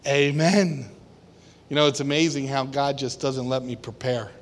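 A man preaching a sermon to a congregation, animated, often acting out the voices of worried people and of God. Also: medium pitch, moderate pace. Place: church hall with a congregation. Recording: long hall reverb.

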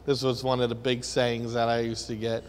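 A man's voice: medium pitch, completely flat delivery, normal speed, in a large hall, a little hiss or hum. A man preaching a sermon to a room of listeners, earnest and full of rhetorical questions.

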